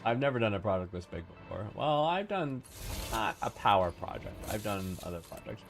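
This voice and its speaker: A man's voice: fairly low pitch, very animated, normal speed. A man streaming a building game with friends, chatting casually and thinking aloud as he plans and mutters to himself. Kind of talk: casual live-stream chat while gaming. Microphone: desk mic with level meters.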